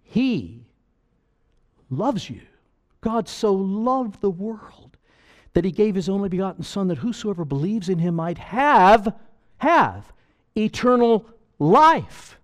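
A man's voice: high-pitched, very animated, takes it slowly, pauses often. A man preaching a sermon as pastor, emphatic and pleading, full of rhetorical questions.

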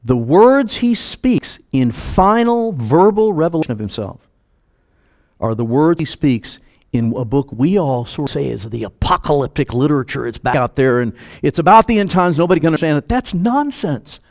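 An older man preaching a sermon as pastor, animated, acting out the voices of the people he quotes. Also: on the high side, normal speed.

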